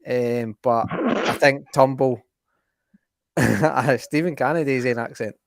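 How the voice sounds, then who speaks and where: A man's voice: medium pitch, slow pace, creaky, no echo. Rambling man on a dry podcast mic. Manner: rambling, restarts often, laughs easily. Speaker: podcast co-host. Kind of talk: casual football chat.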